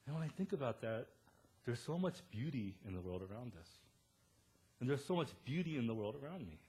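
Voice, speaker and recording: A man in his thirties preaching a sermon as pastor, animated and storytelling, quoting the people he talks about. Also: medium pitch, fairly quick, slightly rough.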